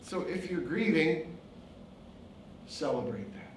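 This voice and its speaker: A man's voice: fairly high pitch, very animated, slow pace, background noise. A man, a pastor and author, giving an impassioned inspirational speech with rhythmic repetition. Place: event venue. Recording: very echoey hall, mic far off.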